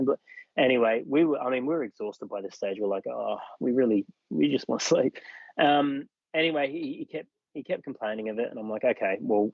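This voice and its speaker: On a podcast, an Australian guest recounts a personal experience, voicing other people's lines as he goes. He speaks at medium pitch in a dry recording with the top end cut off.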